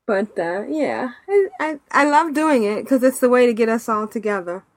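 A woman hosting a podcast in casual chat, animated and chatty, laughing often, talking over a remote call mic. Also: on the high side, moderate pace, no room sound. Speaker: podcast host.

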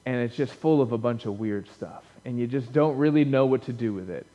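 Joking pastor in a reverberant church. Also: male voice, mid-range voice, fairly quick, dark tone. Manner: conversational and joking with the congregation. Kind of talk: sermon. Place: church sanctuary. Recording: dull lo-fi church recording with long reverb.

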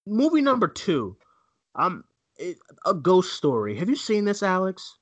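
A man co-hosts a casual movie podcast, ranting animatedly and mocking people by imitating their voices. He has a high voice and speaks at a measured pace.

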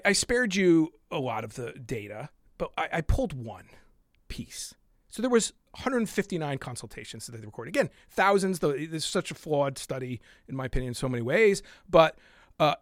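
High-voiced man in an exasperated rant. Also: no room sound, clean studio sound. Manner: exasperated, worked up, with sighs and muttered asides. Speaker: podcast host. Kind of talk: heated solo podcast rant.

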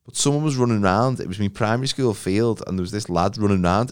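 A man's voice: lowish voice, quick pace, clear, resonant tone. A man, telling stories with jokes and acting out the voices in a casual podcast chat. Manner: jokey storytelling, acts out quotes. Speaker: podcast co-host.

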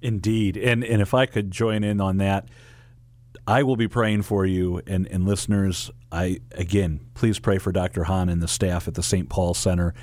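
A man with a fairly low voice hosts a radio program, friendly and sincere as he thanks guests and reads a quiz. The studio sound is dry and close to the mic. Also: fairly even intonation, moderate pace, darkish tone, no echo. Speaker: radio host. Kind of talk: radio show hosting.

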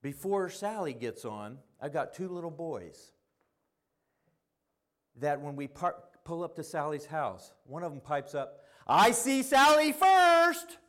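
A middle-aged man preaching a sermon, telling stories and swinging between quiet asides and loud emphasis. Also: fairly high pitch, unhurried.

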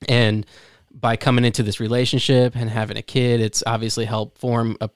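A man's voice: medium pitch, little pitch movement, normal speed, no room sound, studio quality. A man around thirty hosting a casual interview, reflecting back what his guest says in a thoughtful way. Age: 30s. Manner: thoughtful, summarizing, restarts often. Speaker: host.

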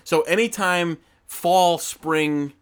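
A middle-aged man co-hosting a podcast, chatting casually and jumping into high, excited tones. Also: takes it slowly, smooth. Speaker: podcast co-host. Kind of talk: casual chat.

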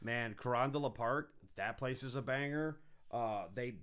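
A man's voice: medium pitch, normal speed, fairly bright tone, clear, resonant tone. A man co-hosting a podcast, tossing in crude jokes and goofy interjections. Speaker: podcast co-host. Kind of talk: casual joking banter.

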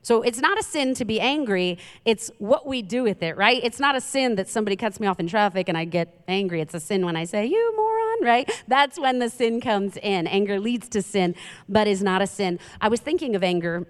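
A woman's voice: mid-range voice, a little fast, smooth. A woman in her thirties giving a conversational sermon as a pastor, often asking the audience questions. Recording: reverberant hall.

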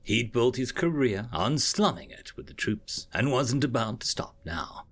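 A man reading a science fiction story aloud with expressive, measured narration. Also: medium pitch, breathy edge.

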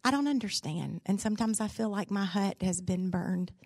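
A woman's voice: mid-range voice, normal speed, darkish tone, dry recording. A woman, a pastor's wife giving a devotional talk in a folksy, candid, humorous storytelling way. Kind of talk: sermon-style devotional storytelling.

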